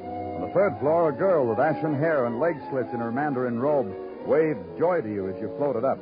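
A man's voice: mid-range voice, normal speed, natural voice. A weary, wisecracking detective, as a man plays him with clipped, dry delivery. Music plays behind his voice. The sound is muffled, like an old radio broadcast. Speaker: narrator. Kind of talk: 1950s radio drama narration.

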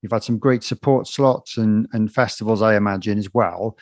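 A man's voice: fairly low pitch, fairly even intonation, moderate pace, a little mellow, no echo. A man interviewing a musician in casual chat, enthusiastic and rambling, calling him man.

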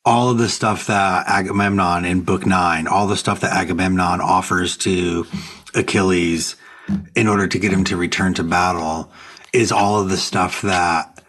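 Husky man musing on literature. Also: deep voice, steady tone, normal speed, fairly bright tone. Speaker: podcast co-host. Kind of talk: casual book discussion.

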